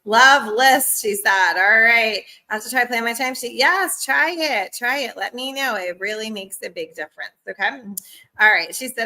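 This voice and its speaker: A woman with a bright, forceful voice, set a little high, runs a live-streamed sales training from home. She talks in an upbeat, chatty way, laughs often, and is fighting a cough. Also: moderate pace.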